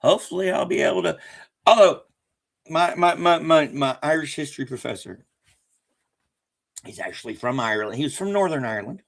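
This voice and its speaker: Gravelly Southern man chatting live. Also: fairly high pitch, animated, a little fast, pauses often. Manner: rambling, chuckling, self-correcting. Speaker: livestream host. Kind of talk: casual live chat.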